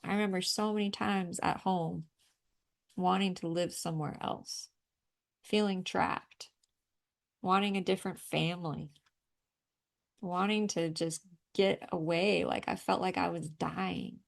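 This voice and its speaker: Gravelly low-voiced woman guiding healing. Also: fairly even intonation, unhurried, pauses often. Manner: emphatic, coaching, swears freely. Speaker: energy healing facilitator. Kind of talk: guided energy clearing session.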